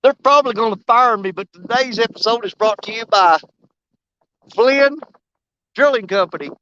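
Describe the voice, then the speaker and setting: Fishing vlogger, high bright voice, loose folksy rambling, dull lo-fi outdoor sound. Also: male voice, normal speed, clean tone. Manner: joking, rambling, laughs often, folksy. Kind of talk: casual fishing vlog monologue. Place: outdoors on a riverbank.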